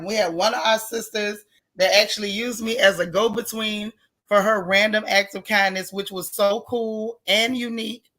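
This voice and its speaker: A woman's voice: mid-range voice, sharp tone. A woman with a strained voice, hosting a casual live stream and greeting her viewers one by one in a folksy, chatty way. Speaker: livestream host.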